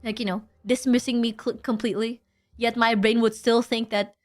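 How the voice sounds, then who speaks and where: A young woman chats casually on her stream, her voice pitched a little high. She rambles, restarts her sentences and pokes fun at herself. Faint music plays softly underneath. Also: level tone, brisk. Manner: rambling, many restarts and self-deprecating asides. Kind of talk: casual livestream chat.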